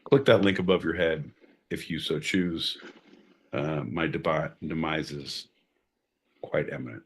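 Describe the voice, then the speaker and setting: A man's voice: extremely low pitch, unhurried, husky. A man co-hosting a podcast, bantering sardonically with mock-grand announcements and frequent swearing. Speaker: podcast co-host. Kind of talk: casual comedic banter.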